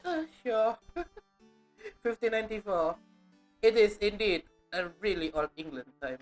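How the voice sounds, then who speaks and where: A woman's voice: medium pitch, expressive, a little slow, faint music behind. A woman streaming a game, chatting casually with playful, jokey asides. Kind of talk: casual live-stream commentary.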